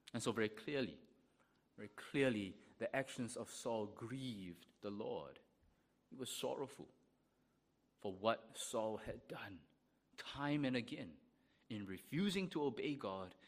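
A man's voice: mid-range voice, a bit bright. A man preaching a sermon, explaining a scripture passage with frequent check-ins and reading verses aloud with emphasis. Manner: reads scripture in old-fashioned wording with rising emphasis. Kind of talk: expository sermon.

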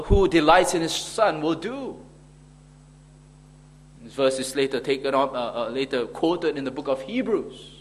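Earnest man preaching a sermon. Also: on the high side. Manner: earnest, rhetorical questions, occasional fillers.

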